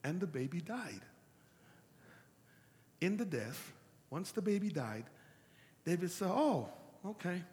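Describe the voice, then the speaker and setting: A pastor preaching an animated call-and-response sermon that builds up to shouts. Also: male voice, on the high side, slow, long pauses, big-room sound.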